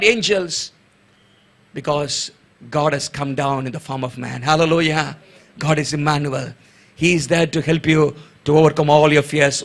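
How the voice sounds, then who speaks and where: A man's voice: a little high, a bit bright. A male pastor, preaching a sermon emphatically, repeating lines and calling out hallelujah.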